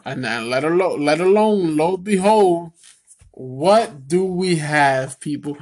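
A man's voice: fairly high pitch, slow pace. A man giving a casual solo wrestling rant, rambling with fillers and calling his viewers "people", and getting worked up and cursing. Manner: swings from excited to angry ranting, swearing. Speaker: wrestling commentary vlogger.

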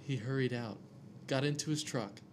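A man's voice: mid-range voice, normal speed, slight background noise. Casual man reading a scary story. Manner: reads aloud with jokey asides and stumbles over names.

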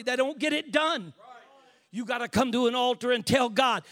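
An older man preaching an impassioned sermon as a bishop, dropping to hushed asides and rising to shouts. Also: very high-pitched, expressive, normal speed, some chatter behind.

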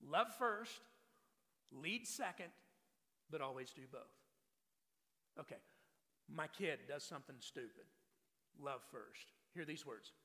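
A man's voice: fairly high pitch, expressive, slow pace, pauses often, pushed and bright. A man in his forties preaching a sermon as pastor, emphatic and full of rhetorical questions to the congregation. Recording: long reverb of a large hall.

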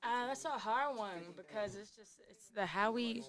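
A woman's voice: on the high side, moderate pace, a bit bright. A young adult woman talking casually as a guest musician, laid-back and slangy, swearing freely. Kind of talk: casual interview chat.

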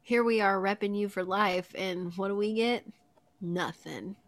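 A woman's voice: medium pitch, a little slow, dry recording. A woman in her thirties co-hosting a podcast in casual, giggly chat, telling stories with lots of laughter over a remote call. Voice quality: giggly, lively storyteller. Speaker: podcast co-host.

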